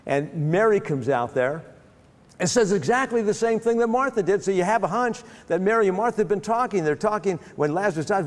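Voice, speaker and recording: A man retells a Bible story as a lecture, animated, and often restarting his phrases. His voice sits fairly high for a man. A long hall reverb trails behind his words. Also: a little fast. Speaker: speaker.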